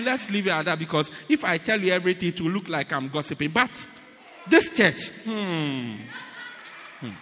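A man preaching a sermon to a congregation in an animated, playful, teasing way, heard with long reverb in a church hall. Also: sits high, a little hiss or hum.

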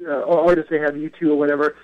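Speaking fast in a level, rather high voice, this radio guest, a co-founder of a record retail event, casually shares stories, frequently correcting himself as he goes. The broadcast sounds dull and lo-fi.

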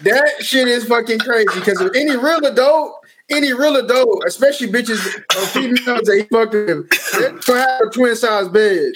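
A man's voice: very high voice, moderate pace, hardly any pauses, background noise. A man in a casual chat, emphatic and repeating his points for weight.

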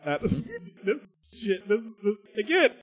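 A high-pitched man co-hosting a comedy podcast. He talks loudly and jokes in a loose, casual way, laughing often as he riffs. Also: huge pitch swings, slow pace. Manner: loud joking, laughs often. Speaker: podcast co-host.

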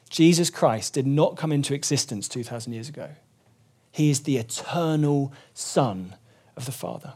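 A man's voice: mid-range voice, lively intonation, normal speed, a little mellow, husky. A man preaching a sermon, earnestly explaining scripture and rising emphatically when he quotes it.

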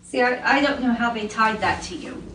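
A woman's voice: fairly high pitch, moderate pace. A middle-aged mother earnestly questioning her son on a home recording, often talking over him. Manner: earnest, probing, talks over others. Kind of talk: family conversation on a home recording. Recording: echoey room, far from the mic, noisy.

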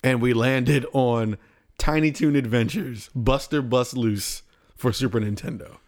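A young man co-hosting a casual podcast chat, animated and swearing freely. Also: medium pitch, measured pace. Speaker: podcast co-host, streamer.

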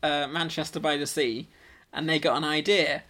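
A man's voice: fairly high pitch, level tone, normal speed, bright, forceful tone. A man co-hosting a podcast, telling stories with frequent laughter and teasing his co-host. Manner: giggly, storytelling, teasing. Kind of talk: casual film chat.

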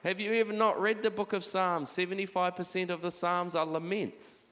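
New pastor preaching in a hall. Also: male voice, sits high, flat delivery, normal speed, hardly any pauses. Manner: conversational, warm preaching with scripture readings. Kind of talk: sermon. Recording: live hall with long reverb.

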